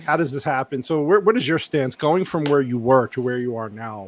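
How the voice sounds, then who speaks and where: A man's voice: medium pitch, lively intonation, normal speed, darkish tone. A man hosting a casual podcast over a video call, talking loosely and joking with his co-hosts. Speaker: podcast host. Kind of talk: casual chat. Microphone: home mic on a video call stream.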